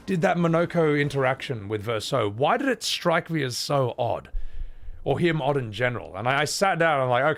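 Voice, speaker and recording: A man's voice: mid-range voice, lively intonation, a little fast, creaky, a bit bright. A man with an Australian accent chatting casually to his viewers while playing a video game, rambling and swearing freely. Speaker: streamer. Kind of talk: casual gaming commentary.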